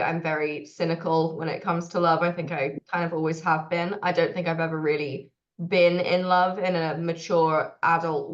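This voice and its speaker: Young Englishwoman, chatty, lowish voice. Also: highs cut off. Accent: English mixed with American. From England. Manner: chatty, laughs easily. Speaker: singer-songwriter guest. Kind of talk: casual interview chat.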